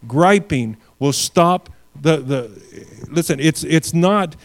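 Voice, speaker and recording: A man's voice: a little high, expressive, takes it slowly. A male pastor delivering a sermon, reading scripture aloud and building to emphatic peaks.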